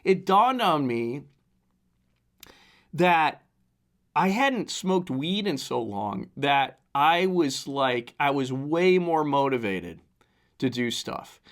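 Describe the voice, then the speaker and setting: A man of fifty, hoarse from the flu, hosting a casual solo podcast monologue into a desk mic and rambling with many restarts. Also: a little high, big pitch swings, slow, pauses often. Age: 50s. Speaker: podcast host.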